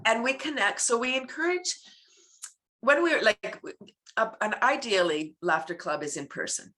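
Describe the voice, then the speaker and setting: A woman with a voice on the high side speaks at normal speed as a guest in an interview. A laughter yoga teacher, she's animated, laughs a lot, and makes playful sound effects.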